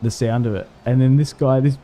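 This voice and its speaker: A man's voice: medium pitch, steady tone, a little fast, warm tone, soft background music. A young man streaming a game, laughing a lot and mimicking voices as he tells stories, jet lagged. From Australia. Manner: laughs often, mimics other voices when retelling. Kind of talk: casual livestream chat while gaming.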